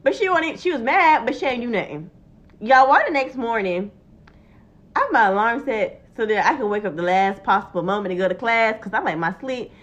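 A woman's voice: fairly high pitch, lively intonation, moderate pace, slight background noise. A young woman telling a story in casual chat, acting out the quotes and swearing freely. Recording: dull lo-fi recording.

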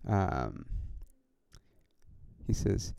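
A man's voice: low-pitched, big pitch swings, drawn-out words, creaky, warm tone, smooth, no room sound. A man hosting his own podcast, talking in a casual, rambling way with many restarts and frequent swearing. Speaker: podcast host and comedian.

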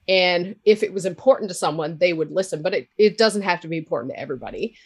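A frank, outspoken woman with a Cape Breton accent, talking openly as a guest in a relaxed interview. Her voice sits a little low, and her laugh comes out big and loud. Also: fast, slightly rough. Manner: candid, laughs loudly, swears freely. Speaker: podcaster guest. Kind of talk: casual interview talk.

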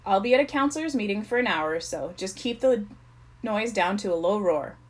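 A woman reading a storybook aloud, voicing a cheerful, bossy young male camp counselor in a bright upbeat manner. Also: mid-range voice, lively intonation, brisk, natural voice. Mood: cheery.

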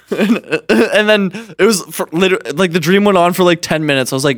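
A man in casual chat, telling a dream story in an animated way, laughing often and swearing, with lots of "like". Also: sits high, moderate pace, dry recording, clean studio sound.

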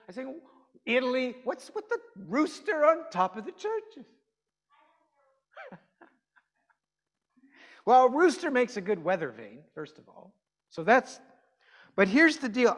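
A man's voice: very high voice, a bit bright. A man preaching a conversational sermon, chatty and quizzing his congregation with questions. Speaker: pastor. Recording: long hall reverb.

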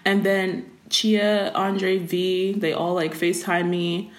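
Young woman co-host, mid-pitched, chatty and slangy, roomy echo. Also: level tone, slow pace. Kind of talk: casual chat. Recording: echoey room.

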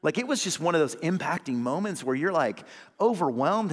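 A man, an associate pastor, preaching a sermon with call-and-response amens, swinging between loud emphatic lines and low hushed ones. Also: expressive, brisk, big-room sound.

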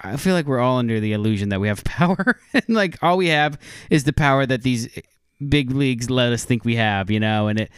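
A man's voice: medium pitch, animated, brisk, clean tone, dry recording, clean studio sound. A man co-hosting a podcast in casual, conversational chat, laughing often. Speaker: podcast co-host.

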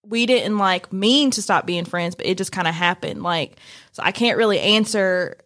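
A woman's voice: on the low side, moderate pace. A young woman guest on a podcast, chatting casually and loosely, with many fillers. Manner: relaxed, lots of fillers. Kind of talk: casual chat.

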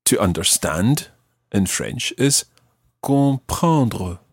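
A man hosting a podcast language lesson, teaching patiently and slowing down to spell out each phrase. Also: on the low side, very animated, slightly rough, no room sound, studio quality.

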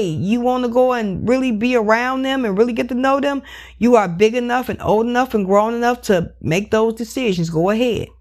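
A woman hosting her own podcast, talking alone in a casual monologue, blunt and animated, swearing freely and leaning on "you know". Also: on the high side. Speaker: podcast host.

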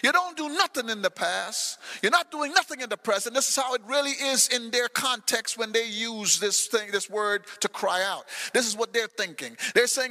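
A male pastor preaching a sermon with passion, swinging between loud shouted cries and quiet low asides. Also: moderate pace, few pauses, in a large hall. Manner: impassioned preaching, shouts scripture lines. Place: church sanctuary.

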